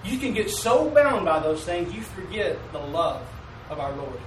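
High-voiced preacher in an echoey church. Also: male voice, lively intonation, far from the mic, slight background noise. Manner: preaching call-and-response, asking "Amen?"; drawls mock King James commandments slowly. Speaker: pastor. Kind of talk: sermon. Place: church sanctuary.

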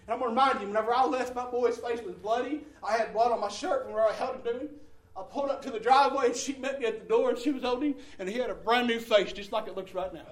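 A man giving a preached testimony in church, fervent, swinging from hushed to shouting. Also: very high-pitched, fast talker. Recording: echoey room, mic at a distance.

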